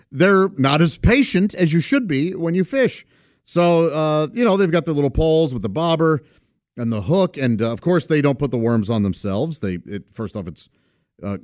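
A middle-aged man telling a casual family story, halting with many "uh" fillers and frequent chuckles. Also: fairly high pitch, dry recording, clean studio sound. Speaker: vlogger.

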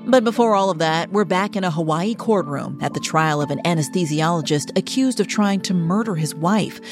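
A low-voiced woman hosts a true crime news podcast, reading her scripted narration clearly and evenly. Music plays softly underneath her. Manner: clear, measured newsreader delivery. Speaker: podcast host.

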